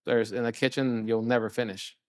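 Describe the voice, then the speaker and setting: A man's voice: medium pitch, brisk, dry recording. Middle-aged man telling stories, dry sound. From California. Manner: animated storyteller, often acts out quoted dialogue. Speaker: chef and restaurant owner, guest. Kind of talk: casual interview storytelling.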